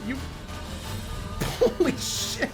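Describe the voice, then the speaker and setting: A man narrating a tabletop role-playing game as game master, with lively, stumbling storytelling full of fillers. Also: drawn-out words, over music.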